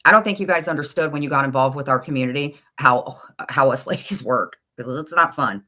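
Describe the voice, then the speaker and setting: A woman's voice: a bass voice, fairly quick, pushed and bright. A middle-aged woman with a blunt, insulting, exasperated manner, ranting in casual chat on a livestream. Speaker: livestream commentator.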